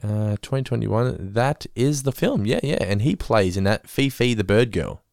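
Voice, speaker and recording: A man's voice: fairly low pitch, moderate pace, vocal fry, a little mellow, no room sound, clean studio sound. A man hosting a podcast, casually recapping an episode with laughs and the odd swear. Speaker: podcast host.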